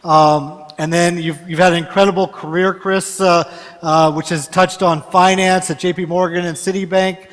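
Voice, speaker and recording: A man's voice: high-pitched, flat delivery, normal speed. A man moderating a forum panel and introducing a guest, stumbling with many fillers. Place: large conference hall. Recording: reverberant hall sound.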